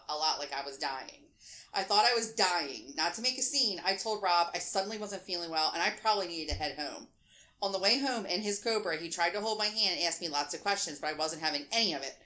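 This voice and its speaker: A woman host in her thirties reading a funny story aloud and laughing as she goes. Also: lowish voice. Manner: animated, laughing through the reading. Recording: roomy echo.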